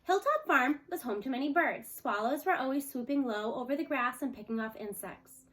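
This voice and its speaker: A woman reading a children's novel aloud expressively, slowing for chapter titles. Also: high voice, expressive, a bit bright. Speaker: storyteller.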